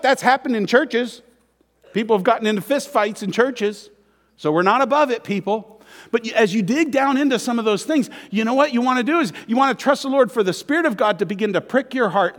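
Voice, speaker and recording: A man's voice: sits high, sing-song, normal speed. A man preaching a conversational sermon in a church, asking the congregation questions and acting out quoted voices. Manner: acts out quoted voices in dialogue. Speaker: pastor. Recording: long hall reverb.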